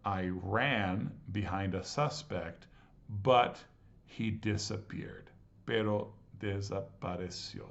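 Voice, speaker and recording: A man teaching a language class, patiently walking through exercises and slowly sounding out words syllable by syllable. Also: lowish voice, gravelly, a bit bright. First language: English. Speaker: Spanish teacher. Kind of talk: explaining grammar exercises. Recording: slightly dull lo-fi audio.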